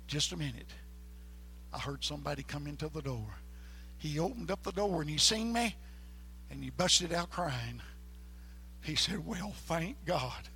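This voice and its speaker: A man's voice: a little high, lively intonation, moderate pace, vocal fry, long pauses, pushed and bright, slight background noise. A man, a preacher telling a folksy, emphatic testimony story.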